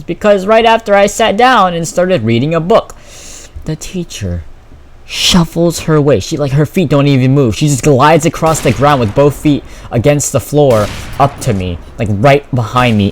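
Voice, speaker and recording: A teenage boy telling a story in a casual vlog, profane, exasperated and animated. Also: medium pitch. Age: teens. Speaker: vlogger.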